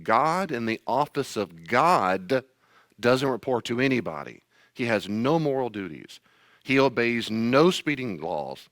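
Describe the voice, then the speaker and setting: Male pastor teaching, blunt and emphatic, with an animated, swinging delivery and dry, close sound. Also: lowish voice, no echo. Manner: emphatic, blunt, acts out scenes. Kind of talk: sermon-style teaching talk.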